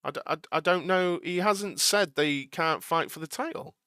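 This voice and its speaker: A young man with a slightly high, bright, forceful, smooth voice is heard in a dry, clean studio recording. He hosts a live watch-along stream, answering viewer chat earnestly with a touch of exasperation, his speech halting with many restarts and repeated words.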